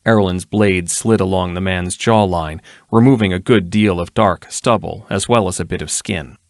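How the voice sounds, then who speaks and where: Man reading fantasy narration, low voice. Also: moderate pace, hardly any pauses, dry recording, studio quality. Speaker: audiobook reader.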